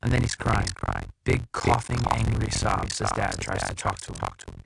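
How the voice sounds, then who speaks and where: A man narrating an audiobook in first person, with a measured, tense, dramatic reading. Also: on the low side, vocal fry. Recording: loud background hiss.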